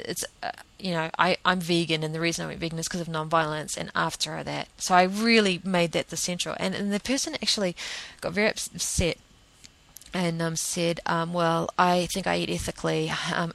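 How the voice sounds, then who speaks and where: Casting note: talkative woman, low-ish voice, rambling anecdote with lots of restarts. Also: fairly bright tone, rough recording. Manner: chatty, rambling, full of restarts and fillers. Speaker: vegan advocate telling a story. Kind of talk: casual monologue, anecdote.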